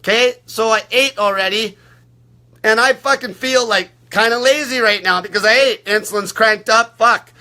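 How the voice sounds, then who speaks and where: A man coaching on fasting in a blunt, aggressive monologue full of constant swearing. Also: high-pitched, pushed and bright. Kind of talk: profane ranting monologue.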